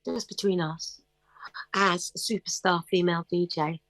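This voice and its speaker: A woman's voice: fairly low pitch, fairly even intonation, moderate pace, a bit bright, no room sound. A middle-aged woman talking as a guest in a casual interview, chirpy and upbeat, telling stories with animation. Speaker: guest singer.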